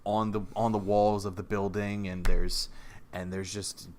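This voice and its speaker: A man's voice: on the low side, little pitch movement, unhurried, darkish tone. A man co-hosting a podcast, eagerly adding details to an improvised comic story with many stumbles. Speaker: podcast co-host.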